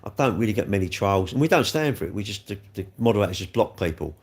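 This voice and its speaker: A man's voice: fairly low pitch, expressive, fast talker, husky. A man streaming live, rambling and repeating himself as he talks straight to viewers about their comments. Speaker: livestreamer.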